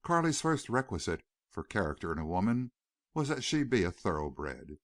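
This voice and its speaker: A man reads a classic Western novel aloud at a measured pace. His voice sits low yet swings widely in pitch. The recording is dry and close with no room sound. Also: sing-song, dry recording. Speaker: audiobook narrator. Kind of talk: scripted narration.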